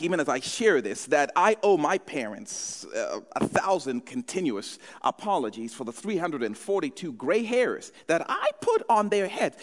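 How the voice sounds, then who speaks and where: Man preaching, high voice, big echoey hall, lots of storytelling. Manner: storytelling, animated. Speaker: pastor. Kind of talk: sermon.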